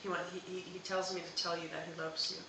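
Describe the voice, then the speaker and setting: A woman's voice: lowish voice, little pitch movement, quick pace, heavy reverb, background noise. A woman hosting a live psychic reading, talking hesitantly with many fillers and restarts. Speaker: psychic medium host.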